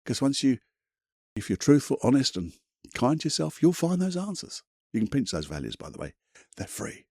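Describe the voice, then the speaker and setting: A man's voice: medium pitch, huge pitch swings, moderate pace, a little mellow, breathy edge, dry recording. Chatty blunt guy doing a self-help podcast, voice bouncing all over, dry close sound, faint music behind. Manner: blunt, chatty, mild swearing. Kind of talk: casual motivational monologue.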